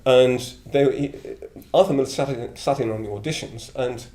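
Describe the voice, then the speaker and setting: Speaking at a moderate pace in a mellow mid-range voice, a northern English man in his seventies from Middlesbrough tells reflective stories. He belongs to a Buddhist order and is blunt and prone to wandering off-topic, chuckling as he goes, in an echoey space with faint background ambience.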